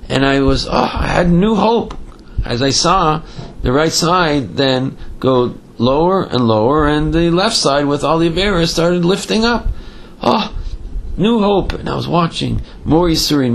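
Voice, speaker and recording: Male Torah teacher, storytelling class, lively and gravelly, slight background noise. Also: a little high. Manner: animated storyteller with Yiddish and Hebrew terms, frequent fillers.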